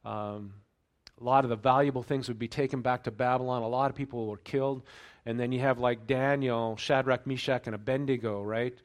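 A man preaching a sermon in a conversational way, checking in with the congregation and turning louder and higher when he reads scripture aloud. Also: steady tone, fairly quick. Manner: conversational preaching with frequent fillers and check-ins; raises pitch and volume when reading scripture aloud. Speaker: pastor.

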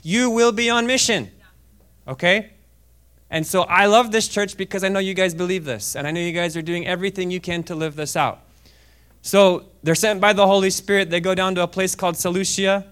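A man preaching a sermon in a church service, reading scripture aloud and talking casually between verses, often checking in with "okay?" and swinging from quiet asides to loud, fervent reading. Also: sits high, smooth. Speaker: guest preacher.

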